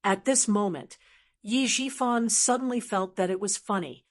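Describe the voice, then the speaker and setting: Woman audiobook narrator, mid-pitched, steady scripted reading. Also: normal speed.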